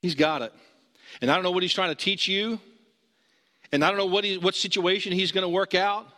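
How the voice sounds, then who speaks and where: A man preaching a sermon as pastor, earnest, rising high when he urges and dropping low and slow for emphasis. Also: sharp tone, big-room sound.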